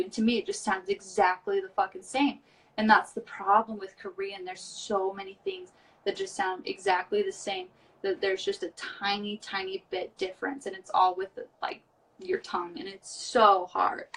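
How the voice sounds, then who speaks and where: A worn-out woman from the United States chats frankly on a live stream, dropping swear words without fuss. She sits a fair way from the mic in a small storage room, so her voice sounds distant. Her pitch stays in an ordinary middle range. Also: lively intonation, normal speed, a bit bright. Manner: chatty, blunt, swears casually. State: tired. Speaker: reality show cast member as guest. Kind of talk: casual live-stream chat. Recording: voice from far off the mic.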